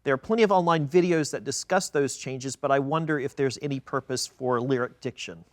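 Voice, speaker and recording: A man moderating a roundtable as researcher, speaking deliberately and reading quotations aloud with emphasis. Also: medium pitch, dry recording. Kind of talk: scripted moderation with read quotations. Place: video studio.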